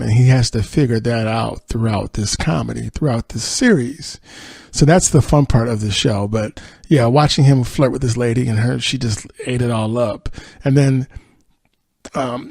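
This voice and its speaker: Man, podcast host, gravelly husky voice, casual rambling recap, dry close sound. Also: medium pitch, darkish tone, no room sound. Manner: rambling retelling with fillers and laughs.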